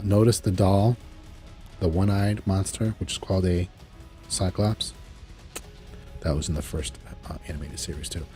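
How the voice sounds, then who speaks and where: Mellow, husky-voiced man recapping a show. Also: fairly low pitch. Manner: chatty, retells scenes, acts out quotes. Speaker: show reviewer. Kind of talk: casual recap review.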